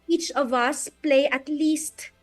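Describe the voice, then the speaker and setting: A woman's voice: high-pitched, steady tone, slow, soft background music. A Filipino woman, a stage actress, chatting animatedly in an interview and mixing English with Filipino. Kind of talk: casual interview chat.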